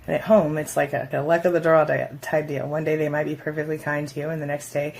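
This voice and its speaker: A woman speaks candidly to her viewers in a low register with a gravelly fry. She slips into mocking voices for quoted remarks as she talks, and a faint hiss sits under her voice. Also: level tone, fast, a little mellow. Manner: frank, conversational, acts out quoted voices mockingly. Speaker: relationship advice vlogger. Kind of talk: casual advice talk to camera.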